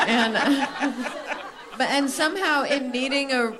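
A woman's voice: fairly high pitch, normal speed, heavy background noise. A woman in her forties, an author speaking candidly on a stage panel, laughing easily and reading a passage aloud with feeling. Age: 40s.

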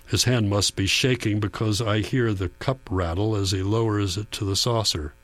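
A man reading a first-person audiobook in a quiet, measured, reflective way. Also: on the low side, steady tone, no echo. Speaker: audiobook narrator. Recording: dry booth with faint mains hum.

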